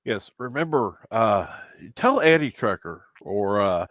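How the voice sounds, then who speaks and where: Exasperated man with a lively, slow voice. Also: fairly low pitch, no room sound. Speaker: podcast host. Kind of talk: casual chat.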